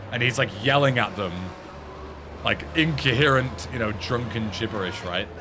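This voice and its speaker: A man's voice: mid-range voice, background noise. An English man streaming a game, chatting casually and telling a story with lots of swearing. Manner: animated storyteller who swears freely. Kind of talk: casual chat while gaming.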